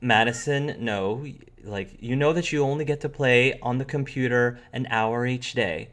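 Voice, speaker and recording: A man voicing a gentle, patient mother who talks to her children calmly. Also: medium pitch, normal speed, close to an everyday voice.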